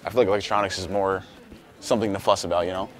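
A man's voice: sits low, fairly even intonation, racing. A young man hosting a prank video, talking casually and pleading in a playful, provocative way.

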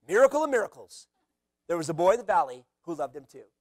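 A man preaching a sermon as pastor, animated, acting out quotes with sudden loud shouts. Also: high-pitched, quick pace, dry recording, clean studio sound.

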